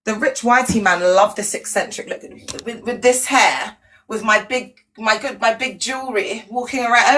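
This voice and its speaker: A woman's voice: on the high side, moderate pace, a bit bright. A woman chatting frankly on a phone live stream at home. She rambles and keeps checking in with "do you know what I mean", calling her viewers "baby" and "my love". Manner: chatty, frank, many tag questions and terms of endearment. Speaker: livestream host.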